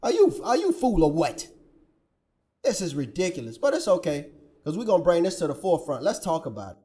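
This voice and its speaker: Man, high-pitched, scolding rant, preachy commentary. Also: big pitch swings, a little fast, dark tone. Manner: preachy, scolding, quotes scripture. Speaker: commentary channel host. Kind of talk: ranting reaction commentary.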